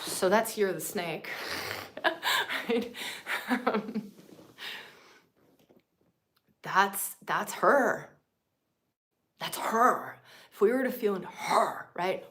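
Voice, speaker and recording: A woman leading a spiritual teaching session live, swinging from loud, emphatic, profane lines to hushed whispers and repeating phrases for effect. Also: medium pitch, slow pace. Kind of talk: impassioned spiritual teaching on a livestream.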